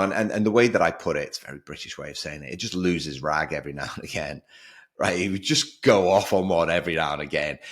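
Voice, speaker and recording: A man hosting a solo podcast, talking in an energetic, emphatic way and repeating words for stress. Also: sits low. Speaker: podcast host.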